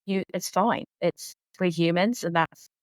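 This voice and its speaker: A woman's voice: lowish voice, steady tone, measured pace, no room sound. Rambling, earnest woman in her thirties. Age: 30s. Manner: earnest, rambling, full of fillers like "like". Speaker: guest, sleep consultant. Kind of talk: casual conversational interview.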